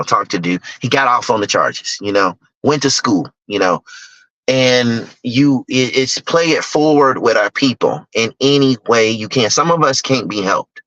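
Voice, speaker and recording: A middle-aged man speaks in a low, forceful voice, telling personal stories in a blunt, emphatic way. The recording is dry and dull, like lo-fi sound. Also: no room sound. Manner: emphatic, candid, acts out other people's lines. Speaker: guest speaker, investor. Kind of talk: personal storytelling talk.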